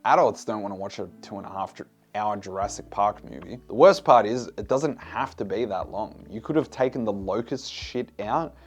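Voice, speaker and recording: A man's voice: fairly low pitch, moderate pace, hardly any pauses, slightly rough. Blunt, swearing male film reviewer. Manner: blunt, exasperated, swears freely.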